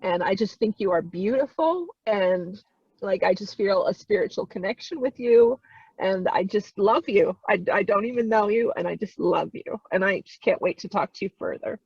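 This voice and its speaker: A woman's voice: mid-range voice, normal speed, a little mellow, husky, no room sound. Tearful woman on a dull video call. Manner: tearful, gushing, repeats herself. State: choked up, crying. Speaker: volunteer genealogist. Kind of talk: emotional participant remarks.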